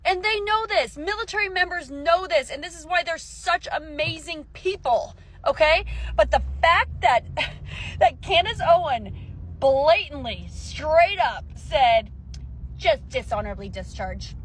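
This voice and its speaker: A woman's voice: expressive, fairly bright tone, a little hiss or hum. A woman who calls herself a military mom, delivering an angry, profane vlog rant. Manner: profane, heated, rapid shifts in pitch.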